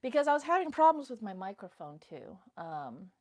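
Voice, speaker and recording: A woman's voice: mid-range voice, sing-song, normal speed, a little mellow. A woman hosting a casual livestream, nervous and giggly, who whispers to herself between remarks. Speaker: livestream host. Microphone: phone mic.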